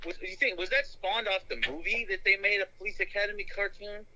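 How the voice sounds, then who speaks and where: A man's voice: high-pitched, fast, pushed and bright, slight background noise, rough recording. A man hosting a podcast in casual chat, talking enthusiastically and rambling with restarts. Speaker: podcast host.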